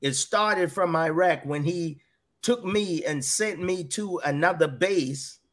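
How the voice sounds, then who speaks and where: A man's voice: fairly high pitch, slow pace, a bit bright. A middle-aged man earnestly telling a personal faith testimony, often repeating his words as he goes. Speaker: guest sharing a faith testimony.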